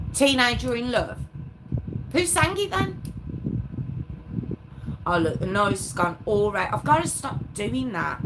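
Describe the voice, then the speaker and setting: Chatty woman rambling on a live stream. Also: on the high side. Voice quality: rambling, chatty and self-mocking. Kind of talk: casual chat with live viewers. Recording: clear background noise with clicks.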